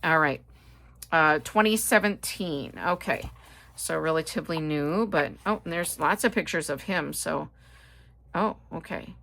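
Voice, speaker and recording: A middle-aged woman with a Midwestern American accent talks through her purchases in a relaxed, rambling way. Her voice sits a little low, and she fills pauses with "um" and side comments. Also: vocal fry. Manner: chatty, rambling, with frequent fillers and asides. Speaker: haul video host. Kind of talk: casual chat.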